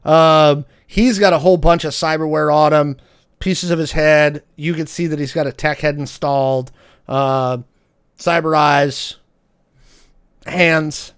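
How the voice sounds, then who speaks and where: A man's voice: a little high, steady tone, a little slow, smooth, dry recording, studio quality. A man narrating a tabletop role-playing game as game master, describing scenes with many ums and uhs.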